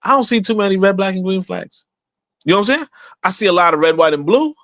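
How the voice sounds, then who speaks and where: Man, podcast host, high-pitched, animated and repetitive, dead dry room. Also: fast, no echo. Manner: emphatic, repetitive, conversational with rhetorical questions. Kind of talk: casual livestream talk.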